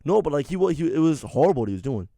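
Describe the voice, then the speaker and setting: A man's voice: a little high, big pitch swings, rapid-fire, mellow, no room sound, studio quality. A young man co-hosting a college radio sports show, chatting casually, joking and laughing often. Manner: joking, laughs often, plays with silly accents.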